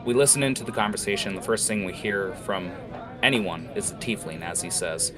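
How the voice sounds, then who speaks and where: A man narrating a fantasy tavern scene in a relaxed way, with fillers. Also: on the low side, fairly quick, music in the background, crowd noise. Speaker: storyteller.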